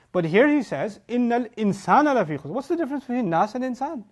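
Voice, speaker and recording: A middle-aged man teaching a religious lecture in an animated, emphatic way, quoting Arabic phrases and explaining them. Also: high voice, fast. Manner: animated, emphatic, acts out students' voices. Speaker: Quran teacher.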